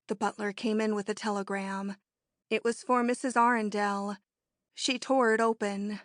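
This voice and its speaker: A woman narrating an audiobook in a measured, even storytelling manner on a close mic. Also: medium pitch, no echo. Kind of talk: scripted narration.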